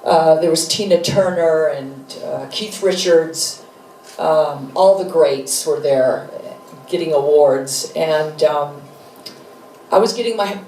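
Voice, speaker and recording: A woman in her fifties tells lively, laughing stories in a lowish voice as the guest of an onstage interview. She sits a little off the mic, so the room rings around her. A faint hum of the venue stays underneath. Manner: animated, laughing storyteller. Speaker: guest, author and rock musician. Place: bar venue with live audience. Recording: echoey room, mic from a distance.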